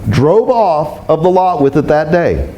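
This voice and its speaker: A man speaking as a spiritual teacher, telling stories to a group in an animated, self-mocking way. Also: a little high, a little slow, dull audio, a little hiss or hum. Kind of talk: storytelling talk to a group.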